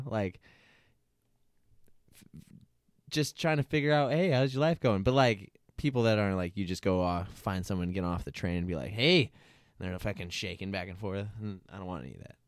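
Laid-back low-voiced young man. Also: expressive, normal speed, no echo, studio quality. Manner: laughing, swearing, jokey banter. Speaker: podcast co-host. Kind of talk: casual chat.

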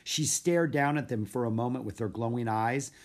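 A man reads a children's storybook aloud in a steady, measured voice. His pitch sits in an ordinary middle range. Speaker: narrator. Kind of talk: storybook read-aloud narration.

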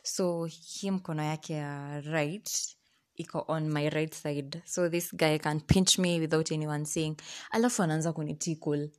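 Young woman, Kenyan accent, deep low voice, casual story vlog, lively and exasperated, switching between English and Swahili slang. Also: unhurried.

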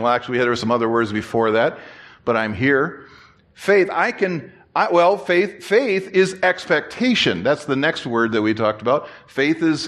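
A man preaching a sermon as pastor, telling a story in a lively, joking way and repeating phrases for emphasis. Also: on the high side. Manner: animated, jokey storyteller who repeats and restarts phrases.

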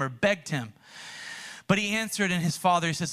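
Male pastor, sermon, high voice, bright forceful tone, casual animated delivery. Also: moderate pace, long pauses, smooth. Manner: conversational, animated preaching.

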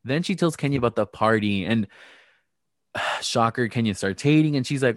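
A man's voice: medium pitch, lively intonation, a little fast, no echo. A man co-hosting a casual podcast, recapping reality TV in a gossipy, sarcastic way and acting out the people he quotes. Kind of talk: casual chat.

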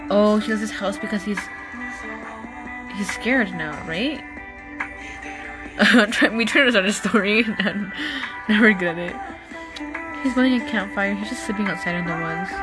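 A young woman hosting a casual podcast, reacting excitedly to a video with frequent exclamations and fillers. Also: mid-range voice, measured pace, pauses often, over music. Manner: gushing, exclamatory, many fillers. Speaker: podcast host.

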